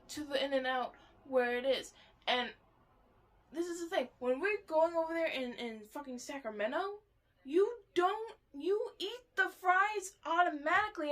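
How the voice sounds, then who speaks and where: A woman's voice: sits high, a bit bright. A young woman ranting heatedly in a casual monologue, swearing and exasperated while reacting to a podcast.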